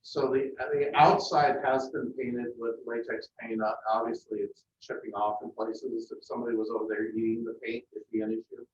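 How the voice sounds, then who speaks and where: A man speaking at a public meeting as airport manager, plainspoken and hesitant with frequent pauses. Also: mid-range voice, level tone, a little hiss or hum. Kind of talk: meeting discussion. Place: council meeting room. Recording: echoey, distant, muffled meeting audio.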